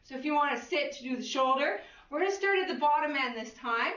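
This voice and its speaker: A woman's voice: high-pitched, lively intonation, fast, fairly bright tone. A woman fitness instructor cueing an exercise class with an upbeat manner, counting reps and letting out whoops. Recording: echoey room, far from the mic, dull lo-fi.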